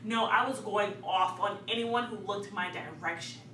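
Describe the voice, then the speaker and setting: A young woman telling a story in a casual, animated way, laughing often and dramatizing events. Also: mid-range voice, normal speed. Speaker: vlogger. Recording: echoey room, distant mic, faint hum.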